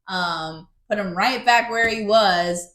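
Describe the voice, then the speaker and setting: A woman's voice: medium pitch, slow pace. A woman co-hosting a podcast, animatedly retelling a book with lots of laughter. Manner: animated, laughing, acts out quotes. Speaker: podcast co-host. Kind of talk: casual book recap chat. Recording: echoey room.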